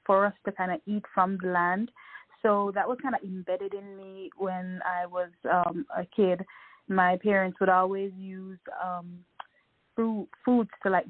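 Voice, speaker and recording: Jamaican-born woman guest, soft-spoken, on a dry, phone-thin line. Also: medium pitch, no echo, phone-quality sound. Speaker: wellness coach guest. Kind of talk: interview answers.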